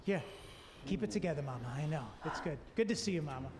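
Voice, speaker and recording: A man hosting a game show with a jokey, energetic delivery and frequent sponsor plugs. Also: fairly high pitch, fast talker, long reverb tail, noisy background.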